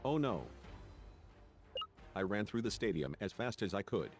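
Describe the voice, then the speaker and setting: A man's voice: fairly low pitch, lively intonation, fairly quick. A man narrating a let's play, reading the game's story text aloud and voicing its characters lightly. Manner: reads dialogue in lightly shifted character voices. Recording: background game music. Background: game music.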